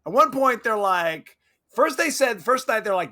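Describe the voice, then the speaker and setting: A man's voice: high voice, moderate pace. A man co-hosting a podcast, chatting casually and jokily about a movie. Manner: animated, jokey, slips into quoted voices. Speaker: podcast co-host.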